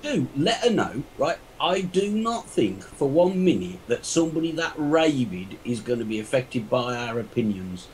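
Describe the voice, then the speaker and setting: A man's voice: medium pitch, very animated, normal speed, hardly any pauses, a little mellow, husky, rough recording. A man on a live online panel, ranting bluntly and indignantly about a politician. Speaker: panel guest.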